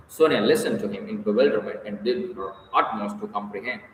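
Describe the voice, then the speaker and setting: A man reading a classic novel aloud as audiobook narrator, in a measured storytelling manner. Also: lowish voice, fairly bright tone. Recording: echoey hall, distant mic, faint hiss.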